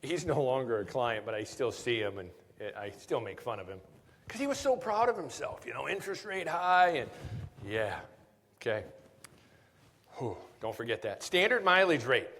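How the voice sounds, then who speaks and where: A man giving a conference talk, his pitch rising and falling as he jokes and tells stories between technical points. He keeps tossing "right?" at the audience. The sound carries a long reverb tail from the large hall. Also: very animated, moderate pace, fairly bright tone. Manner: jokey, storytelling, keeps asking "right?". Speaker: tax seminar presenter. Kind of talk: live conference lecture.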